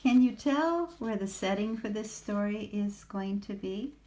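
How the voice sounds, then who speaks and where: An older woman reading a picture book aloud to a child, gentle and asking the listener questions. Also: mid-range voice, measured pace. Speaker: storyteller.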